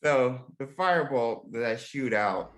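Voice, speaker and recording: A man playing a tabletop game, excitable and quick to laugh. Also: mid-range voice. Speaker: player. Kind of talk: casual tabletop game play.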